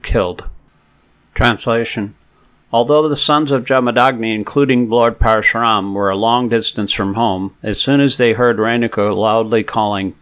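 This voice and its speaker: A man reading scripture verses aloud. He recites each verse slowly, then gives word-by-word glosses and a translation in a measured way. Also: fairly low pitch, fairly bright tone. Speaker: scripture reader.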